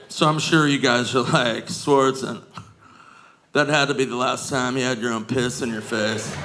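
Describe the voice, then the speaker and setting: Stand-up comic with a slow, drawn-out delivery. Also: male voice. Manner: shrieking high put-on voices for drunk women. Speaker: stand-up comedian. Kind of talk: stand-up comedy set. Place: comedy club stage with a live audience. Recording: live club recording with crowd laughter.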